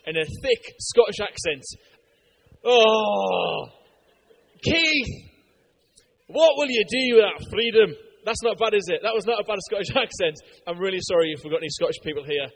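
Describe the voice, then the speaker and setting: Chatty high-voiced preacher. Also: male voice, in a large hall, poor audio. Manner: chatty, joking, asks the crowd questions. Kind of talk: lively sermon.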